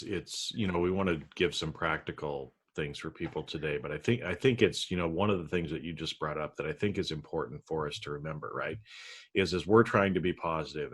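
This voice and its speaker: A man's voice: very deep voice, breathy edge. A man hosting a podcast in casual chat, talking in an easygoing way. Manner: easygoing, many fillers and restarts. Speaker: podcast host.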